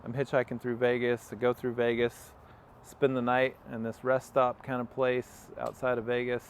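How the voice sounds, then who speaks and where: A man's voice: medium pitch, monotone, moderate pace, a little hiss or hum. A young man, an interview guest, telling a long personal story in a casual, rambling way with many fillers and acted-out quotes. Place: outdoors on a farm.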